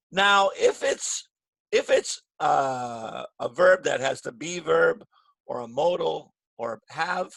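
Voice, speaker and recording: A man's voice: on the high side, vocal fry, a bit bright, slightly rough, dry recording. A middle-aged man teaching an online English grammar class over a video call, checking in with the students often. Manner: patient, checks in with "right?" often.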